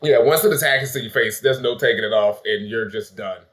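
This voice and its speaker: A man hosts a casual, spoiler-filled chat for his movie review channel in a medium-pitched, fairly bright voice, speaking a little fast. Loose and profane, he swears a lot and acts out the lines he quotes, laughing along.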